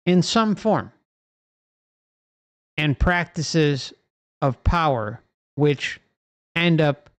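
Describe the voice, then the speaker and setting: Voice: medium pitch, no echo. A livestream host delivering an impassioned, profane rant full of rhetorical questions.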